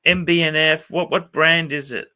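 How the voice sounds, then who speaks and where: A man hosting a casual livestream, swearing constantly and getting excited as he chats. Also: on the high side, normal speed. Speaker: livestream host.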